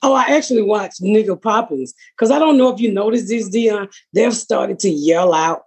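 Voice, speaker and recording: On her podcast, a comedian tells animated, profane stories in a slightly husky, mid-range voice at a moderate pace. She keeps slipping into impressions of other people, and it all feels like easy, casual chat.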